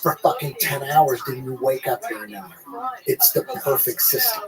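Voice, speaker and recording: A man telling a rambling, profane story in casual podcast chat, animated and full of restarts. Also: medium pitch, moderate pace, a crowd in the background, low-quality recording.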